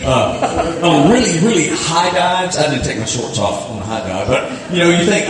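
A middle-aged man preaching from the pulpit, his voice pitched a touch high and swinging widely as he tells stories on himself. The sound booms around a large echoey hall, picked up from some distance with faint room noise underneath. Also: a little fast. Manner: animated, self-deprecating storytelling with acted-out self-talk. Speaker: pastor. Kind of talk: storytelling sermon. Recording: echoey hall, mic far from speaker.

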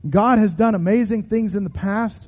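A man preaching and praying in a sermon, with measured, emphatic delivery and repeated phrases. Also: high-pitched. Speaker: pastor. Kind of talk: sermon prayer. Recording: reverberant hall, dull lo-fi sound.

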